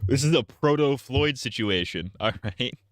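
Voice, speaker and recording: A man's voice: medium pitch, animated, moderate pace, no room sound. A man streaming and reacting to a video with skeptical, sarcastic commentary on a close mic.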